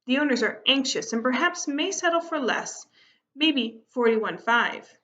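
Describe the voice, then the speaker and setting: A woman reading the part of a calm, measured real estate agent speaking on the phone in a storybook read-aloud. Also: sits high, exaggerated voice. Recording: muffled lo-fi recording.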